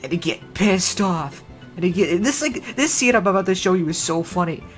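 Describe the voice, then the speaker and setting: A woman's voice: on the low side, lively intonation, moderate pace, soft background music. A woman streamer chatting casually on a livestream, rambling in a wry, sarcastic way.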